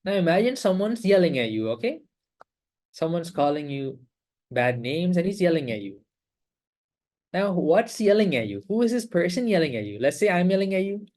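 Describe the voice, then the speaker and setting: A man leading an online meditation class over a video call, explaining calmly with repeated phrases and rhetorical questions. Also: sits high, normal speed. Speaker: meditation teacher.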